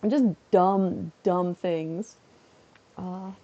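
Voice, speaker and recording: A woman's voice: lowish voice, lively intonation, normal speed, a little mellow. A woman chatting casually on a home stream, giggling at her own jokes. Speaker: live streamer and teacher.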